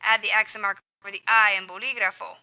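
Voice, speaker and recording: A woman's voice: mid-range voice, fairly even intonation, fast, pushed and bright, highs cut off. A woman teaching a Spanish grammar lesson over a screen recording, upbeat and encouraging, dropping little sound effects as she writes.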